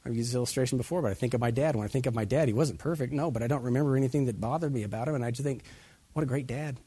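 A man's voice: medium pitch, rapid-fire, warm tone, breathy edge, dry recording. A man preaching a sermon as pastor, putting many direct questions to his listeners.

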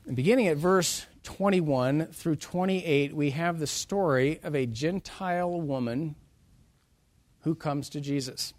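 Man preaching with a slightly high voice. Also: measured pace. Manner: reads scripture in old-style wording, then retells it in plain casual words; dramatic, with sudden loud and soft swings. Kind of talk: sermon with scripture reading.

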